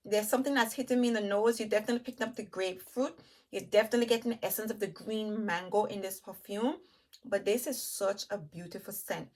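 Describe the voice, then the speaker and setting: A woman's voice: mid-range voice, fairly even intonation, a little mellow. A woman reviewing perfumes in a chatty way, talking straight to her viewers. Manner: chatty, enthusiastic, addresses viewers as "you guys"; lists notes while smelling, with pauses and restarts. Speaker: beauty vlogger.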